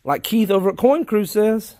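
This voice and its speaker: A man's voice: high voice, moderate pace, no echo. A man, chatting casually and folksily as he films his worm bins. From South Carolina, United States. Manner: rambling, folksy, easily excited. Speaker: worm farming vlogger. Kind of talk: casual chat while filming.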